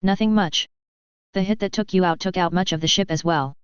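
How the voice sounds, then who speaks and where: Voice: mid-range voice, a little fast, smooth, no echo, lightly acted. A narrator voicing an irritable young woman soldier who talks bluntly and impatiently, read from a story. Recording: dry, slightly dull.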